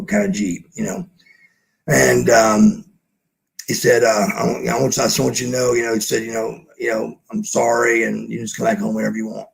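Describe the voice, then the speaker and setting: Gravelly profane man telling a story. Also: mid-range voice. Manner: profane, blunt, acts out quoted dialogue. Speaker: podcast guest. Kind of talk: casual storytelling.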